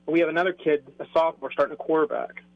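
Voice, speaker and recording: A man hosts a casual sports radio chat and teases his guests in an easy way. His voice sits high, and it comes through a muffled, lo-fi line. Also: steady tone, racing, vocal fry, no echo. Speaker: radio host.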